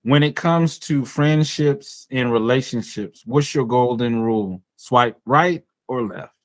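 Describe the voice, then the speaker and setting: A man hosting a podcast, asking questions in a relaxed, casual way and often chuckling along. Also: mid-range voice, slow, no room sound. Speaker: podcast host. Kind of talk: casual interview chat.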